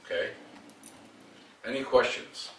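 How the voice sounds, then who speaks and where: A man's voice: medium pitch, takes it slowly, fairly bright tone. Dog trainer, male, blunt and joking; roomy room, distant mic, faint noise. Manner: direct, demanding, joking. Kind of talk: coaching dog owners at home. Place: home, indoors.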